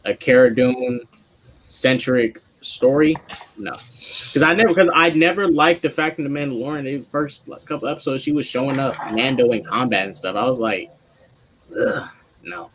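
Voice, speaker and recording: A man of middle pitch weighs in on a live panel chat. He is earnest and emphatic, and he repeats phrases to keep the floor. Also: moderate pace, a bit bright, slight background noise, poor audio. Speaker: panel guest.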